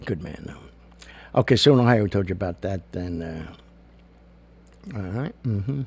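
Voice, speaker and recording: A man's voice: low-pitched, lively intonation, slow. An older man hosting a show, telling jokes and giving blunt opinions in a chatty, casual monologue. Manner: gravelly, blunt and chatty, with many fillers. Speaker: show host.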